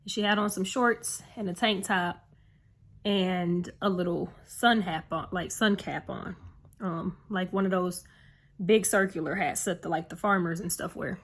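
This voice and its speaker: A woman's voice: on the low side, measured pace. A young woman vlogging to camera, telling a personal story in a rambling, earnest way full of fillers. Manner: emotional, heartfelt retelling.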